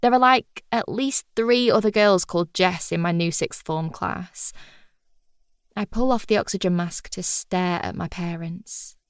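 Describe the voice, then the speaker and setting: A woman's voice: on the low side, clean tone, dry recording, studio quality. A woman reading a first-person audiobook in a wry, chatty, confiding manner. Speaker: audiobook narrator.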